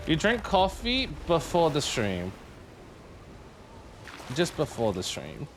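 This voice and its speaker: A male livestreamer chats with his viewers in a relaxed, playful way, humming little tunes as he plays. His voice sits fairly high and swings widely up and down, and he takes his time with each phrase. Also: slow pace, soft background music. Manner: playful and chatty, hums tunes between remarks. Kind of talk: casual live gaming chat with viewers.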